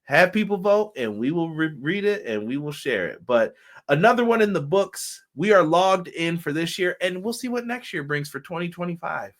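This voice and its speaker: A man's voice: a little high, big pitch swings, moderate pace, fairly bright tone. A male co-host, chatting casually and animatedly on a live wrestling stream, often exclaiming and swearing.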